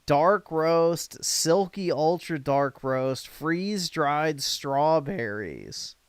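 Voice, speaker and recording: Slow, mocking male streamer. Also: on the high side, lively intonation, clean tone, dry recording. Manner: crude, mocking, swears freely. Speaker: livestreamer reacting to videos. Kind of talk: casual reaction commentary.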